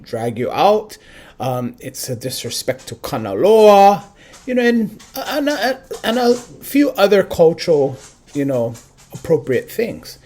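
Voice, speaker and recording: A man telling a folk tale as storyteller and teacher, unhurried and conversational. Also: on the high side. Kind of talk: musical folk storytelling with ukulele. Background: soft ukulele.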